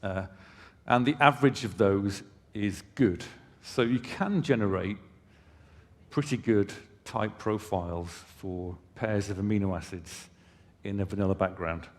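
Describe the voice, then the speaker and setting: In an unhurried, lowish voice, a male company presenter gives a conference talk on a hall stage. He explains conversationally with casual asides to listeners, and the recording carries a long hall reverb.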